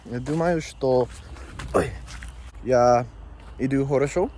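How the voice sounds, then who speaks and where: Young male vlogger, mid-pitch, talking candidly outdoors on a phone, faint background hiss. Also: slow pace, a little mellow. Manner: rambling, joking, candid storytelling. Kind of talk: casual chat while hiking. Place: outdoors on a hiking trail.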